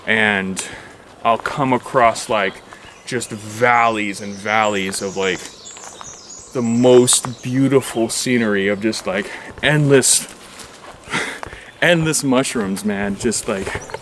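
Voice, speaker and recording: A man vlogging as he walks through the forest, telling a rambling story and now and then talking to his dog in a higher voice. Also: background noise. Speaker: outdoor vlogger. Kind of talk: casual walking narration. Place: forest outdoors. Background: faint outdoor nature sounds, birds.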